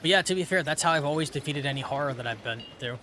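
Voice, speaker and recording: A man's voice: a little high, rapid-fire, pushed and bright, a little hiss or hum. A young man streaming a video game, chatting in a rambling way and reading quest text aloud. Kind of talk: casual let's-play commentary.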